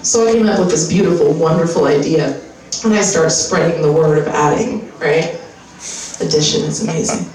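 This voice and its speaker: Here a woman in her 30s with an American accent slips into a pushy skincare-ad voice during her stand-up comedy set, her low, darkish voice moving at normal speed. She tells it brashly and profanely, in a chatty storytelling way. Recorded from far off in an echoey live venue, the clip carries audience noise.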